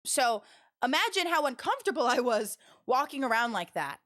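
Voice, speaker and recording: A young woman streamer chats with her viewers in a high, bright voice. She tells stories with lots of animation, breaking into laughter and tripping over her own restarts. It is casual and spoken straight to chat. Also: big pitch swings, normal speed.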